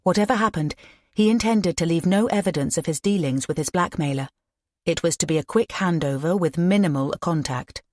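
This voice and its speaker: Low-voiced woman narrating, dry sound. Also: a little fast, darkish tone, no echo. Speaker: audiobook narrator. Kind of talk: scripted narration.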